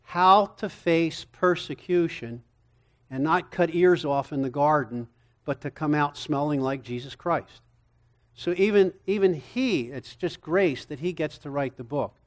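A middle-aged man teaching a counseling seminar from Scripture. He speaks in an animated way and keeps asking rhetorical questions. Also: fairly high pitch, a little slow. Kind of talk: lecture-style Bible teaching.

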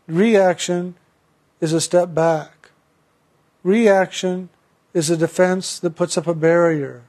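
High-voiced man, slow and measured. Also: creaky, a little mellow. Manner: slow, measured, deliberate pauses. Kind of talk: reflective spiritual talk with personal story.

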